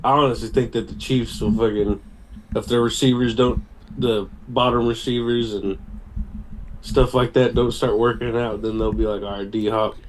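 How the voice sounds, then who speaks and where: A man's voice: medium pitch, flat delivery, a little hiss or hum, poor audio. A man co-hosting a casual sports podcast over a video call, loose and swearing freely. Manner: loose and profane, drawn-out storytelling. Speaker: podcast co-host.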